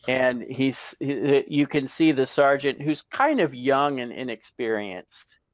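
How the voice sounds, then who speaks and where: Slow, halting male game master. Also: medium pitch, expressive, no room sound. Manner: halting, many fillers and restarts, chuckling. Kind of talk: narrating a tabletop game.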